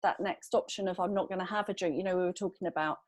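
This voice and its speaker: A woman in her thirties on a video call, talking casually in a group chat and telling a story in a lively, self-deprecating way. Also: lowish voice, fast, no echo, poor audio. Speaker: podcast regular in sobriety group.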